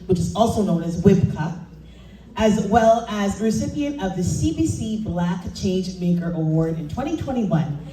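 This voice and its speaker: Casting note: woman emcee, mellow voice, introducing an honoree from a distant mic in a reverberant hall. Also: on the low side, a little hiss or hum. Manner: reads credentials, urges applause. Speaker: event presenter. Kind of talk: introducing an award recipient. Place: event hall. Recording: echoey hall, distant mic, faint ambience.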